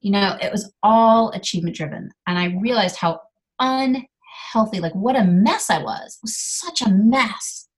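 A middle-aged woman speaking as a guest, candidly telling a personal story with lively delivery. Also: medium pitch, normal speed. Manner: animated, acts out quoted dialogue.

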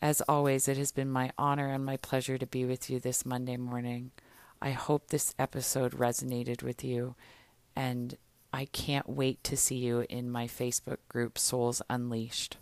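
A woman's voice: very deep voice, flat delivery, moderate pace, darkish tone, clean tone, dry recording. A woman hosting a spiritual podcast, leading a guided affirmation meditation in a soothing, encouraging way. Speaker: podcast host.

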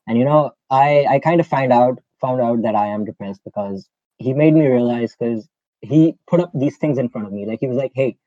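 A man's voice: mid-range voice, fairly quick, mellow, no room sound, lo-fi sound. A young man from Pakistan hosting a casual podcast, telling a personal story in a rambling way full of "like" and fillers. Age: young adult. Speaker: podcast host.

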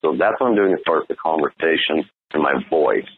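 A man with a very deep, husky voice gives profane dating coaching in a blunt monologue, checking in with "right?" as he goes. He sounds thin and tinny, as if heard through a phone line. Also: animated, brisk.

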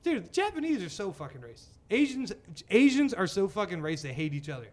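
A man in casual, profane chat with friends, animated and laughing often. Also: sits high, quick pace.

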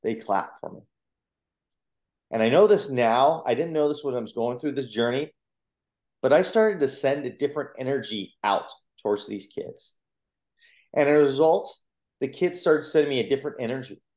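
A man, a motivational coach and speaker, earnestly telling his personal story in a podcast interview, with lively retellings of what people said. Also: mid-range voice, normal speed. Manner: earnest, animated retelling with acted quotes. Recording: roomy echo.

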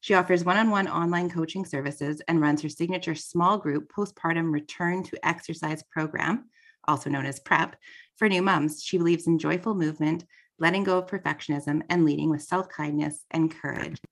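A woman's voice: low voice, fairly even intonation, normal speed. A woman hosting a podcast interview, talking earnestly and effusively, with a cold. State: has a cold. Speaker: podcast host.

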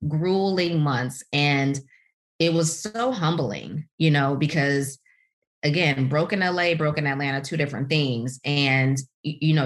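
A middle-aged woman from the United States telling her career story in an interview, animated and full of "you know" fillers. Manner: animated storytelling, voices quotes with big pitch leaps. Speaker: guest, author. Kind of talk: podcast interview, personal story.

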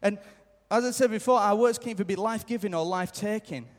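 A man's voice: sits high, fast. A man preaching a sermon live in a church, earnest and repeating his key lines for emphasis, sometimes acting out little quoted remarks. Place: church hall. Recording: live church hall reverb.

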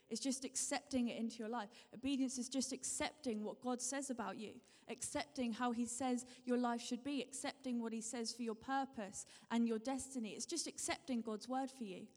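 A woman's voice: on the high side, fairly quick, few pauses, darkish tone. Woman preaching in a reverberant hall. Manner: repetitive, encouraging, asks the congregation questions. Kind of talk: sermon.

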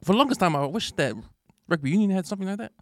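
A man with a New Zealand accent hosting a casual podcast chat, relaxed, putting questions to the group. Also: high-pitched, very fast, no echo, studio quality. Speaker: podcast host.

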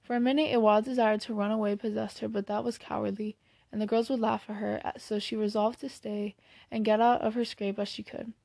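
A woman reading a classic novel aloud in plain, steady storybook narration, now and then correcting a slipped word. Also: mid-range voice, brisk, creaky, no room sound. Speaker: audiobook reader.

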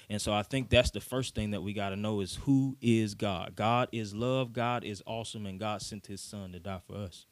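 A man casually retelling a Bible story in slang, animated and playful, recorded on a dry close mic. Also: on the low side, moderate pace, hardly any pauses, dry recording.

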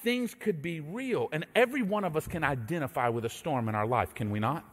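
Man, pastor, sermon, animated storyteller, acts out voices, high voice, long hall reverb. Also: brisk.

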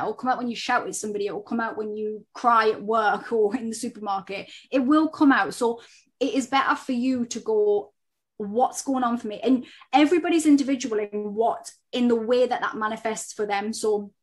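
A woman in her thirties speaking as a self-development coach and guest, earnest and candid, recorded at home, who often repeats a phrase for emphasis. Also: fairly high pitch. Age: 30s. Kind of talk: casual podcast conversation.

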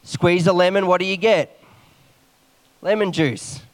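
Man, preacher, fast animated sermon, scripture reading, higher pitch.

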